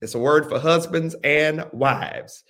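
A man teaching a Bible study as a pastor, speaking deliberately, repeating phrases and telling listeners what to underline and circle. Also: a little high, fairly bright tone. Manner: slow, deliberate, repeats phrases and gives instructions.

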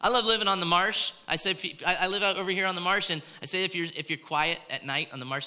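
A man's voice: high-pitched, steady tone, fairly quick, long pauses, pushed and bright, a little hiss or hum. A man preaching a conversational sermon as a pastor, often asking his congregation "right?". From Florida. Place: large church hall. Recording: long hall reverb.

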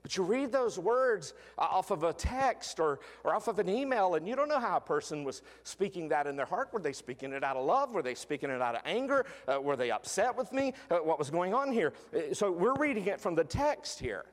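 A man's voice: sits high, big pitch swings, a little fast, hardly any pauses, in a large hall. A man preaching a sermon in a conversational way, with frequent fillers and restarts.

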